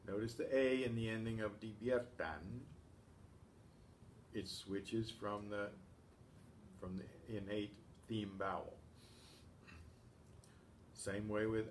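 A man teaching a class, speaking slowly and patiently and clearing his throat often. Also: fairly low pitch, slight background noise. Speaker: Spanish teacher. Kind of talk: class lesson.

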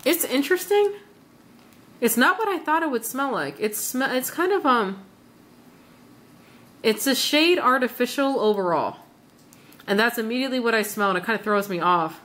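A woman's voice: fairly high pitch, lively intonation, normal speed, fairly bright tone. Chatty woman rambling through a haul. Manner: chatty, rambling, enthusiastic, lots of fillers. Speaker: vlogger reviewing wax melts. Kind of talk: casual haul vlog.

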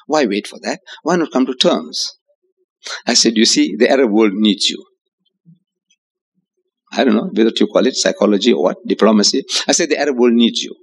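A man's voice: fairly low pitch, a little fast, pauses often, slightly rough. A man from Africa, giving an emphatic public lecture with rhetorical questions, repeated phrases and chuckling asides. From South Africa. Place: hotel lecture hall.

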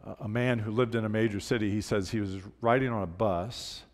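An older man preaching a sermon as pastor, emphatic on key words and dropping soft and low for tender parts. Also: steady tone, a little fast. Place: church sanctuary. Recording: church livestream with long hall reverb.

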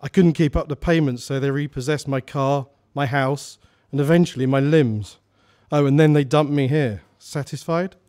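A man's voice: medium pitch, normal speed, few pauses, darkish tone, natural voice. A man reading a story aloud, voicing a bitter, defiant man who has lost everything and snaps curtly at strangers.

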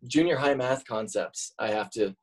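A man's voice: mid-range voice, normal speed, slightly rough, low-quality recording. A man in his forties, a podcast guest, chatting casually and telling jokey, self-mocking stories. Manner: joking, self-mocking storyteller. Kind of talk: casual interview chat.

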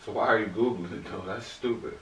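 A man's voice: on the low side, fast, fairly bright tone, recorded from a distance, a little hiss or hum. A man in a casual prank vlog, teasing and arguing back at his partner in their bedroom. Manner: teasing, laughs, argues back. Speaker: vlogger, boyfriend. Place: bedroom at home. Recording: roomy, off-mic, faint music.

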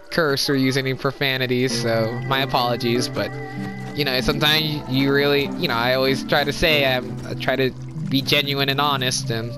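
A woman giving casual let's-play commentary, chatty and apologetic, quick to exclaim at what happens on screen. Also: a bass voice. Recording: game music behind voice.

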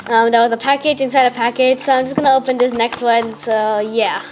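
A teenage girl from Malaysia, gushing excitedly as she unboxes fan mail at home. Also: on the high side, fairly quick, music in the background. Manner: gushing, excitable fangirling with many "oh my gosh". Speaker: vlogger.

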